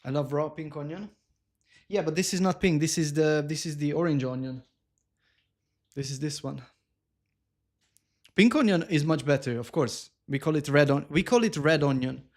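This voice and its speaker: A man chatting casually on a live cooking stream, animated and self-mocking, laughing often and reading viewer comments aloud. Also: on the high side, normal speed, pauses often. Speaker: livestreamer.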